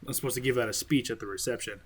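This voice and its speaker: A young man in casual podcast chat, joking and laughing often as he pitches a best man speech. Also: rapid-fire, a little hiss or hum.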